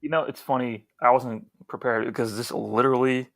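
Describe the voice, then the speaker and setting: A man co-hosting a casual podcast, talking in a calm, low-key way. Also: brisk, vocal fry. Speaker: podcast co-host.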